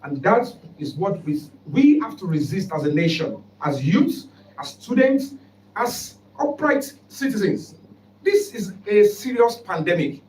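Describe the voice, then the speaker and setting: High-voiced Nigerian man addressing the press. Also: very animated, measured pace, a little mellow. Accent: Nigerian English. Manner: emphatic, formal, declamatory. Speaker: human rights foundation spokesman. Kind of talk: press conference statement. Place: press conference room. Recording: roomy hall, distant mic, faint background noise.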